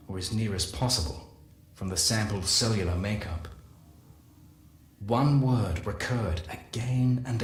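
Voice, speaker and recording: A man with a low voice tells a story in the first person, solemn and measured, pausing with care between phrases. His voice rings in a roomy, echoing space, and a faint hiss sits underneath. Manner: measured, solemn storytelling with slow deliberate pauses. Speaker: lore narrator. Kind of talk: dramatic first-person lore reading.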